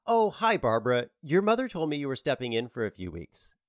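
A man's voice: mid-range voice, huge pitch swings, a little fast, no echo, clean studio sound, voice pushed up. A man voicing a woman grocery store clerk who speaks cheerily but condescendingly, in an audiobook. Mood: cheery, condescending.

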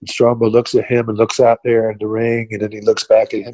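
A man's voice: on the low side, flat delivery, a little fast, a little mellow, rough recording. An older man, a former pro wrestler, telling stories in a casual interview, rambling with lots of fillers and restarts.

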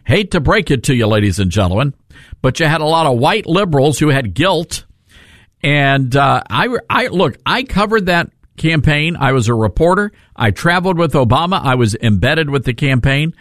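A man's voice: a little high, lively intonation, moderate pace, fairly bright tone, no echo. A male talk radio host on a studio mic, combative and sarcastic. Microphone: studio microphone.

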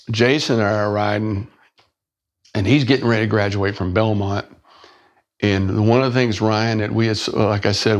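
Gravelly low-voiced man telling a story. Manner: halting, restarts words, acts out quoted voices. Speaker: podcast guest. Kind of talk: personal storytelling in conversation.

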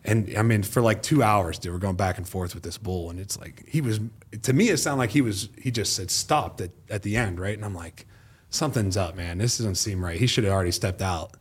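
Man, low voice, rapid, rambling profane storyteller, podcast guest, from the eastern US. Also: slightly rough. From eastern United States. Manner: rambling, profane, acts out quotes. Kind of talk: casual hunting storytelling.

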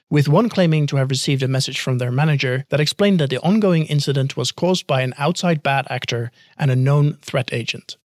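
A man hosting a podcast, reading a news roundup in a brisk way and then interviewing a colleague with dry quips. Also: fairly high pitch, dry recording. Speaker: podcast host.

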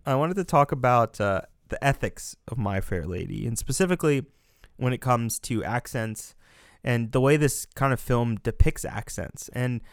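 A young man from the United States talks through a film in a loose, animated way, building into rants and swearing freely. His voice sits at an ordinary middle pitch. The sound is dry and close. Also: normal speed, dry recording. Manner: animated, ranting, swears and laughs often. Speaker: podcast co-host. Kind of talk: casual film discussion.

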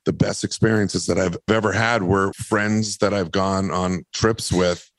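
A man's voice: sits low, a little slow, dry recording. Man telling stories in a dry close mic. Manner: animated, rambling anecdotes. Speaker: podcast guest, actor. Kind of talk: casual storytelling.

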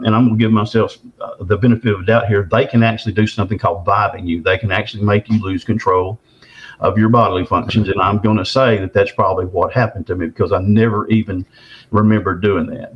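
A man's voice: fairly low pitch, steady tone. A man, telling a long story as an interview guest in a folksy, rambling way. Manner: drawn-out, folksy, frequent restarts. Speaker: interview guest recounting an encounter. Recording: dull lo-fi recording.

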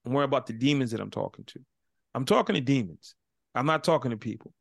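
A man who is the guest on an interview podcast, telling stories in a casual, animated way and acting out both sides of each dialogue. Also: mid-range voice, quick pace, creaky, no echo, clean studio sound. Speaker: guest, motivational speaker.

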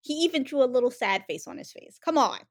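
Woman, casual chat, slightly high voice, animated retelling. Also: fast. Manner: chatty, acts out characters' lines while retelling. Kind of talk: casual chat recapping a TV show.

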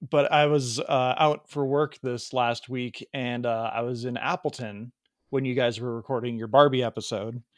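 A man's voice: mid-range voice, fairly even intonation, normal speed, no room sound. Chicago-accented male podcast host, casual rambling storyteller, dry close mic. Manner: rambling storyteller, laughs at himself. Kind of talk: casual chat.

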